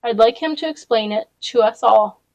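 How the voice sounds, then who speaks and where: A grave middle-aged woman who leads a town, read by a woman narrator. Her voice is deep with a slight quiver. It is recorded dry and close. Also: normal speed, dry recording, natural voice, poor audio. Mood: solemn.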